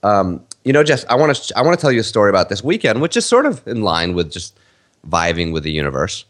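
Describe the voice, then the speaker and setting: Deep-voiced man telling a rambling story. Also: sing-song, fast talker. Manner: rambling, with fillers and self-corrections. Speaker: podcast co-host. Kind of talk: casual storytelling chat.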